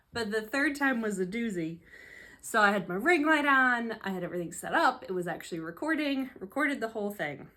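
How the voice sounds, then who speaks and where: A woman's voice: a little high, animated, normal speed, bright, forceful tone. A woman, hosting a casual home hobby vlog, chatty, sarcastic and self-deprecating, often laughing, recorded on a phone at home. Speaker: hobby vlogger. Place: home room, seated at a tray table. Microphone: phone camera.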